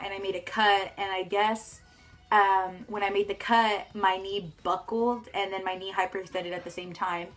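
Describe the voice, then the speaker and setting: A teenage girl casually telling a story time vlog, chatty with lots of "like" and swearing, acting out quotes loudly. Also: medium pitch. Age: teens. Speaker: vlogger.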